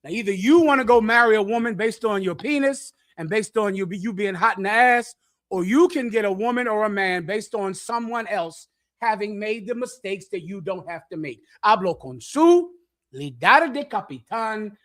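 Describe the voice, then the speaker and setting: A middle-aged man preaching bluntly to young listeners, lecturing and swinging between loud and hushed delivery. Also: high-pitched, normal speed. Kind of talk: street sermon with audience questions.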